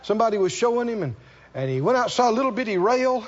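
High-voiced, lively male preacher. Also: fast talker, muffled recording. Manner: folksy, animated preaching with acted-out dialogues. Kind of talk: sermon.

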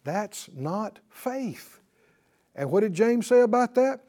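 A man's voice: sits high, very animated, takes it slowly, dark tone. A man teaching a Bible class, speaking emphatically, repeating his points and quizzing his students.

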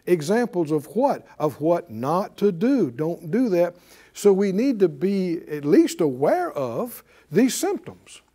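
A man's voice: sits high, warm tone. A man preaching a sermon, leading his listeners to repeat lines and asking a list of emphatic questions. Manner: slow, deliberate preaching with call-and-response. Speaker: pastor.

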